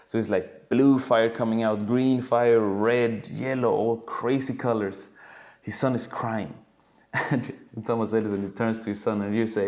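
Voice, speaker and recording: A man coaching dancers in a casual webinar, telling stories in an animated way and swearing freely from a home video call. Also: lowish voice, unhurried.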